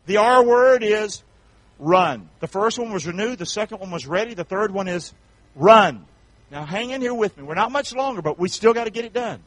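His voice sitting high, a Southern-accented North Carolina pastor preaches expressively at a moderate pace, drawing amens from his congregation. The sermon is folksy, alternating loud shouts with gentle asides. It's a dry, poor-quality recording.

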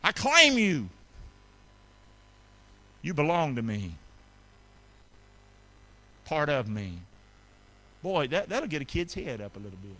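Lively, bright-voiced preacher man. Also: a little high. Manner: call-and-response preaching, rising to shouts then dropping soft. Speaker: pastor. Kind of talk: sermon. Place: church sanctuary with congregation.

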